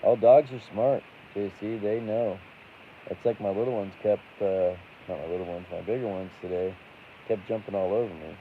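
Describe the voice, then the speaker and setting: A man hosting a casual late-night livestream and chatting with viewers, rambling and halting with lots of fillers. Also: on the low side, steady tone. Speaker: livestream host. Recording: tinny phone-like audio with faint hiss.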